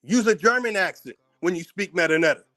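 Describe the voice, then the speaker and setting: A man's voice: sits high, expressive, a little fast, sharp tone. An American man hosting his own channel, delivering a heated, profane commentary rant, combative and repeating words as he gets worked up. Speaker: channel host.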